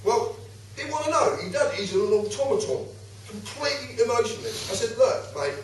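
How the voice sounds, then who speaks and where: A man's voice: very high voice, normal speed, slight background noise. A man telling a story to a live audience at home, acting out both sides and swearing freely. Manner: animated, swearing, acts out both sides of his stories. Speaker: speaker giving a public talk. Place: home, recorded in a reverberant room. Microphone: far camera. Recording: very echoey room, camera from far off.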